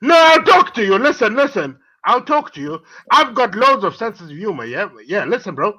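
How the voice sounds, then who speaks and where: A man calling in to a live stream, arguing, shouting insults and taunting the others. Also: sits high, big pitch swings, normal speed. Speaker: caller. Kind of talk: heated live-stream argument.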